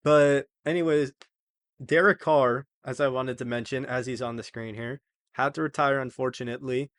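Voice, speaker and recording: A man's voice: mid-range voice, a bit bright, no echo, studio quality. A young man hosting his own sports video, talking casually and rambling through game predictions. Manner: chatty, rambling, self-correcting.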